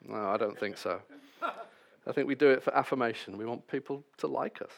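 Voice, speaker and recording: A man's voice: medium pitch, a little fast, gravelly. A man preaching a sermon, reading scripture passages and then explaining them with wry, self-deprecating asides.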